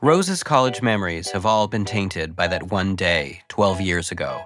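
A man narrates a documentary-style podcast with dry, wry timing. His voice sits low. He also asks the interview questions plainly. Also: lively intonation, normal speed, music in the background. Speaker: host and narrator.

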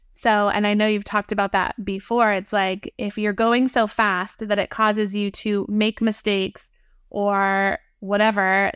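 A woman's voice: mid-range voice, a bit bright, clean tone, dry recording, clean studio sound. A woman co-hosting a podcast, talking in an emphatic, chatty way with lots of "like". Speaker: podcast co-host. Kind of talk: casual podcast chat.

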